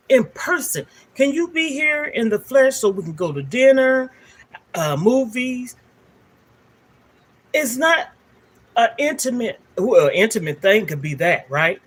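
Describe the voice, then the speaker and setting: An older woman, a livestream host telling a candid, emotional personal story straight to her viewers. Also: fairly high pitch.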